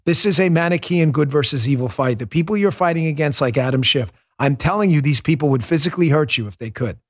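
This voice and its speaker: A man's voice: fairly high pitch, fast. A man hosting a political commentary show, delivering a heated, emphatic monologue. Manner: fiery, emphatic, repetitive ranting.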